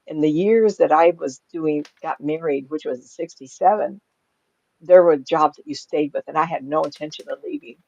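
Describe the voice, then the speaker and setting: Older woman, chatty storyteller with a lowish voice, laughs a lot, dry lo-fi home recording. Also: normal speed, creaky, dark tone, no room sound. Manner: chatty, laughs often, acts out quoted voices. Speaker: psychic medium guest. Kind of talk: casual storytelling.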